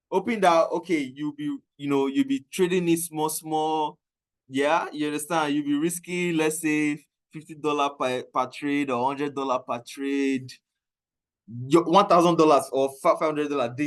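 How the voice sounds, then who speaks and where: Nigerian guy chatting about trading, lively storyteller, bit high voice, drops into pidgin. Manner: animated storytelling, laughing often, mixing in Pidgin. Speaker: trading coach. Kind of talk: casual talk.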